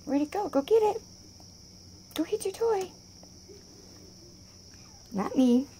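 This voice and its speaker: High sing-song woman cooing at pets. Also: animated, takes it slowly, mellow, a little hiss or hum. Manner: sing-song baby talk to pets, laughing often. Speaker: wildlife rehabilitator. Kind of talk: casual talk to animals while filming.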